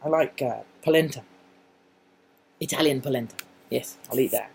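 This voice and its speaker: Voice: mid-range voice, normal speed, vocal fry, a little mellow, husky, low-quality recording. Chatty English vlogger rambling on. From England. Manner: chatty, wandering, frequent restarts and asides. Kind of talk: casual rambling monologue.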